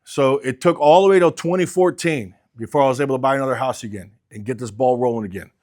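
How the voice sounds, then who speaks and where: A man's voice: medium pitch, quick pace, a little mellow. A man telling his own story in casual, conversational talk. He swears freely, keeps tagging lines with "right?", and acts out the dialogue he quotes. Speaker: car business coach telling his story.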